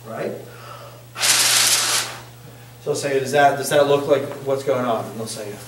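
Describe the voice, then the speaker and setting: A man's voice: mid-range voice, quick pace, very noisy. Male vocal coach, casual and joking, quizzing his class; recorded distant in a reverberant room. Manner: chatty, joking, asks the group questions. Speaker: singing instructor. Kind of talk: casual workshop teaching. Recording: echoey room, distant mic.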